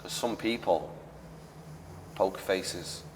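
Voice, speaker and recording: A man's voice: sits low, takes it slowly, slight background noise. A man hosting a casual interview podcast, earnest and repeating phrases for emphasis. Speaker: podcast host. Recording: echoey room, distant mic.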